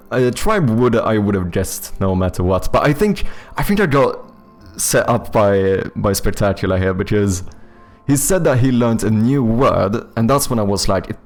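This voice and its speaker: Low-voiced streamer. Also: male voice, vocal fry. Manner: thinks aloud, swears freely, chats to viewers. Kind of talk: casual live-stream chat while playing a word game.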